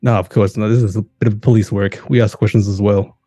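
A man playing his character in a tabletop game. He answers fast and tersely in a low, mellow voice. The sound is close and dry. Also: level tone, no room sound. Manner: terse, matter-of-fact. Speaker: player.

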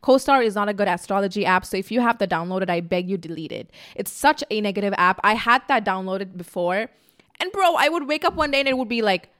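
A woman's voice: mid-range voice, fairly quick. A young woman in a casual talking-to-camera vlog, speaking bluntly and emphatically, swearing freely and acting out the voices she quotes. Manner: animated, acts out quotes. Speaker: vlogger.

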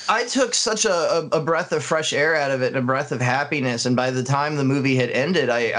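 A man co-hosting a casual film review podcast, talking in an earnest, analytical way with frequent pauses and fillers. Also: mid-range voice, fairly bright tone. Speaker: podcast co-host.

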